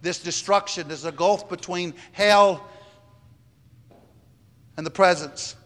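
A man delivers a sermon with a high-pitched voice, pressing each point and circling back on his phrases. His words ring out with the long reverb of a large hall. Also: slow pace, a bit bright. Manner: emphatic, repeats phrases. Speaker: preacher.

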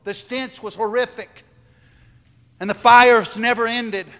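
A man's voice: very high voice, steady tone, slow pace, a bit bright, clear, resonant tone, in a large hall. A man preaching a sermon, emphatic and repeating his phrases for weight.

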